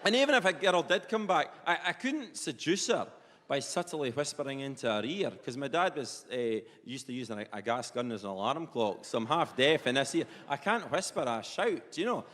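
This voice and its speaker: A man with a Perthshire Scottish accent, performing a live stand-up set as a comedian and telling animated, sweary stories. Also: medium pitch, moderate pace. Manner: animated storytelling, swears freely. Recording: long reverb with faint ambience, live venue.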